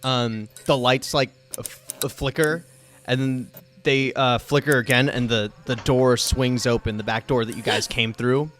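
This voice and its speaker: A man's voice: medium pitch, steady tone, measured pace, a bit bright. A man narrating as game master, hesitant and filling with "like" and "um". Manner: hesitant, full of "like" and "um".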